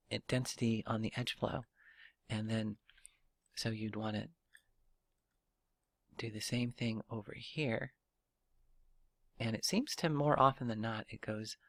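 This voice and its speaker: Guy rambling thru a 3d modeling tutorial, thinking out loud, um uh restarts, dry close sound. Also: medium pitch, no echo. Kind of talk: casual screen-recorded software tutorial.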